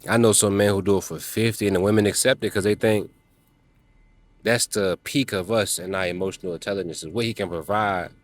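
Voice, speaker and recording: A man's voice: lowish voice, fairly even intonation, fairly quick. A man giving a motivational talk to other men, emphatic and preachy, speaking in casual slang. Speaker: self-help vlogger.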